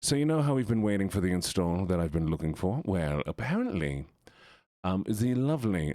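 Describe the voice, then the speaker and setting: Playful male streamer, lively pitch. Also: no echo, studio quality. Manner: playful, goofy, talks to chat. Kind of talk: casual live-stream chat.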